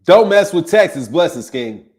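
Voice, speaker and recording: A man's voice: on the high side, sing-song, normal speed, darkish tone. A man hosting a live boxing stream, chatting casually, laughing often and greeting viewers by name. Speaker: boxing channel host.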